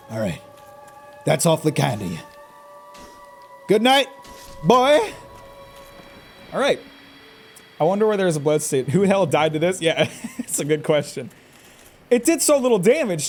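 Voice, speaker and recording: A man's voice: on the high side, a little mellow, husky. A man streaming a game live, joking and trash-talking the boss and characters as he plays. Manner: jokey, talks back at the game. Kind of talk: live gameplay commentary.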